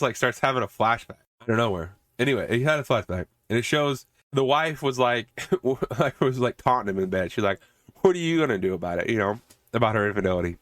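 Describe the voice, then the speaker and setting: A man hosting a podcast talks through a movie's plot in a loose, rambling way, swearing freely and chuckling at the story. His voice sits at an ordinary middle pitch and is recorded close, with a dry sound and no room echo. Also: a bit bright. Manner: rambling, profane and laughing. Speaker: podcast host. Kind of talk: casual movie recap.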